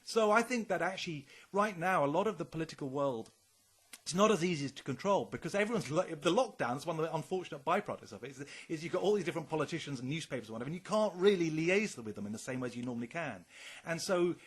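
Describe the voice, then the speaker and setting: A man's voice: a little high, lively intonation, fast, husky. A man co-hosting a casual podcast chat, rambling and speculating, swearing often. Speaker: podcast co-host.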